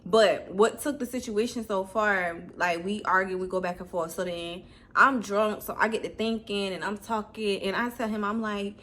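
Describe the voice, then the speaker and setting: A woman's voice: medium pitch, fairly even intonation, normal speed, fairly bright tone. A woman vlogger telling a personal story in a casual storytime video, blunt and candid.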